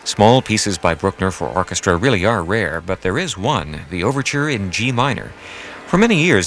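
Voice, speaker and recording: A man hosting a classical radio program, slightly out of breath, talking with lively enthusiasm. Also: sits low. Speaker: radio host. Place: cathedral organ loft. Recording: long cathedral reverb.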